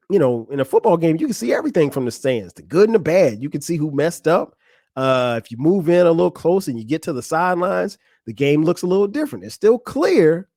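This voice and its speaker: A man in his forties hosts a podcast, speaking casually and frankly about marriage while laughing often and talking straight to a friend. His voice is a little high and a little mellow. The studio recording is clean, with no room sound.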